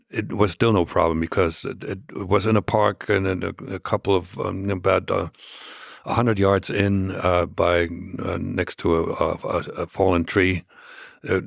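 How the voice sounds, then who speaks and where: A man as a podcast guest, recounting past events in a measured, reflective way during a conversational interview. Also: deep voice, creaky, no echo, clean studio sound.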